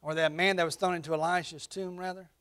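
A man preaching a sermon to a congregation, swinging between quiet asides and loud emphatic calls. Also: high voice, little pitch movement, quick pace. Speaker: pastor. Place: church sanctuary.

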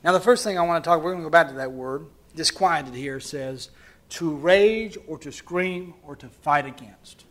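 A man preaching a sermon to his church, swinging between loud, fervent passages and quiet, hushed ones. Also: fairly high pitch, normal speed. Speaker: pastor.

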